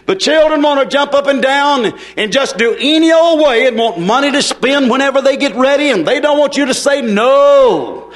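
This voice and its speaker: A fiery male preacher with a notably high-pitched voice. His delivery is folksy and emphatic, dropping into quiet asides before pushing forceful declarations to the congregation. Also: lively intonation, moderate pace, few pauses. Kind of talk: fiery sermon.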